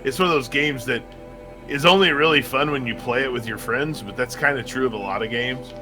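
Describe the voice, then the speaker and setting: A man's voice: medium pitch, brisk, pushed and bright. A man co-hosting a game stream, chatty and self-deprecating, reading comments from the chat. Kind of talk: casual banter on a game stream. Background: game music.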